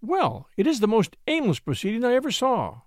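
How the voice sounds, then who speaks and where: A man reading an audiobook, voicing a spirited, excitable young woman who gushes and teases sweetly. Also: extremely high pitch, a little fast, dry recording, clean studio sound, voice pushed up, exaggerated voice. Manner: breathless, gushing, sweetly teasing.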